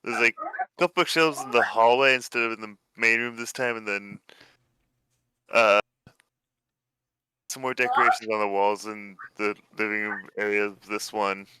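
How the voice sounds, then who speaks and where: Bright, crisp-voiced male game master. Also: lowish voice, moderate pace, long pauses, no room sound. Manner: relaxed, hesitant descriptions with many fillers. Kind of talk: narrating a tabletop game over voice chat.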